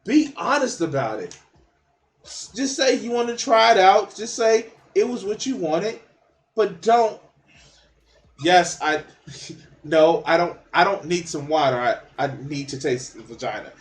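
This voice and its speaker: A man's voice: high-pitched, expressive, unhurried, pauses often. A man giving blunt, profane reaction commentary on a documentary clip, mocking and laughing at what he hears.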